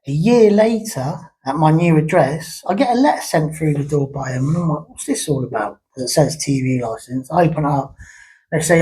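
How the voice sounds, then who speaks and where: A man's voice: fairly high pitch, a little mellow, slightly rough, poor audio. A man ranting casually to camera, blunt and rambling, telling stories with repeated words. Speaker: YouTube ranter.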